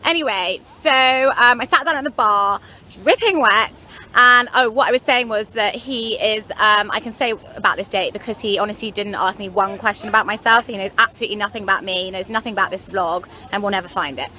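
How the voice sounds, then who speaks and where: A woman's voice: mid-range voice, brisk, bright, forceful tone, slight background noise. A young woman from London, telling a story to her vlog camera in a chatty, rambling way with frank, wry asides. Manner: chatty, rambling, lots of "anyway" and "like". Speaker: vlogger.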